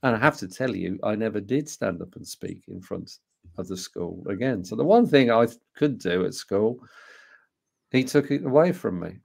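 A man's voice: on the low side, expressive, moderate pace, gravelly, darkish tone, husky. Man in his sixties with a Birmingham accent. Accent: Birmingham English. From England. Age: 60s. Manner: anecdotal, rhetorical questions, frequent hesitations and restarts. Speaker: speaker and co-author. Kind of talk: storytelling talk to an audience.

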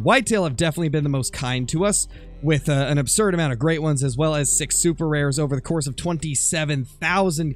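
Gaming host, male, a bit raspy from being sick, higher-pitched, chatty game commentary over faint music. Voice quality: slightly raspy. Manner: chatty, easygoing, frequent fillers. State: recovering from illness.

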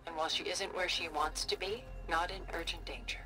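An actress voicing a calm, refined older woman ally in a video game cutscene, measured and reassuring, softly spoken. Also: on the low side, lightly acted. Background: game music.

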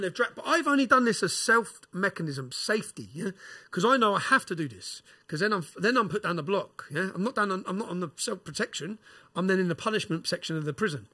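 Fast, bright-voiced man. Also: high voice, husky. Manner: animated, swearing, London slang. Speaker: podcast guest. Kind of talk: casual storytelling.

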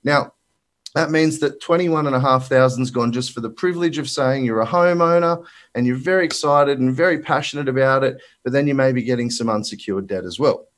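A man's voice: medium pitch, brisk. An Australian man presenting as a finance broker at a virtual summit, talking bluntly and emphatically with colloquial asides, slightly out of breath. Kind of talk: energetic presentation talk. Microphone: presenter mic for a live virtual summit.

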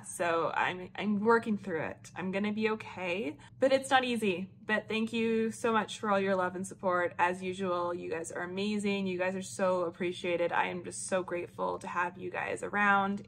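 A woman's voice: on the low side, fairly even intonation, normal speed, hardly any pauses, fairly bright tone, slight background noise. A young woman vlogging casually at home, rambling with many fillers and frequent laughs. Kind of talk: casual vlog chat. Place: room at home. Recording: echoey home room.

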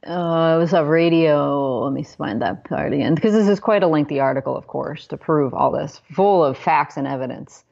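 A woman with a fairly low voice talks through the news in a chatty, sarcastic way and keeps dropping dry asides. The podcast audio is dull and lo-fi, missing some sparkle. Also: normal speed, creaky, few pauses, a little mellow. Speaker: podcast co-host. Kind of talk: casual political chat.

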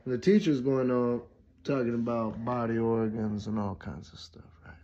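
A man telling a crude comedic anecdote in a deadpan, drawn-out way, on a dull lo-fi recording. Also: medium pitch. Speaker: comedic storyteller.

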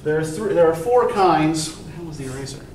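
A man's voice: fairly high pitch, lively intonation, fairly quick. A male college English instructor giving a classroom lecture, explaining step by step and checking in with "right?". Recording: echoey classroom from far off, faint noise.

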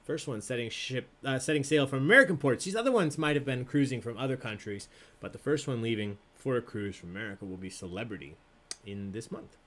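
A man's voice: medium pitch, expressive, fast, a bit bright. A man hosting a live trivia game in a casual, playful way, laughing often as he reads questions and answers. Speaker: trivia host.

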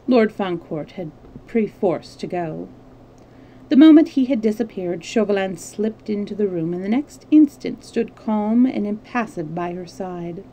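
A woman reading a classic novel aloud as a storyteller, steady with small slips and restarts. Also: mid-range voice, a little slow, slight background noise, rough recording.

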